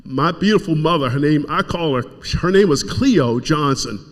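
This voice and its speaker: Fighting back tears, a middle-aged man from Kentucky urges on the crowd at a community gathering. He speaks at normal speed with a fairly high pitch and lively intonation, his words echoing through a reverberant hall.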